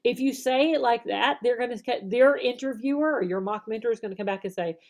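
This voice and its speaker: A woman talks through teaching techniques for online English lessons. Her voice sits a little high. She keeps stopping to act out example phrases slowly and big, then checks in with "okay?". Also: gravelly, a little mellow. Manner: demonstrates phrases slowly and exaggerated, tags "okay?". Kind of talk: instructional video talk.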